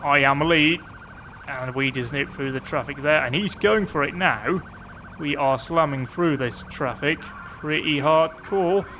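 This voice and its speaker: A young man giving chatty, sarcastic commentary over his own police-driving gameplay, with sudden excited outbursts. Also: a little high, unhurried, slight background noise. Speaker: gaming YouTuber.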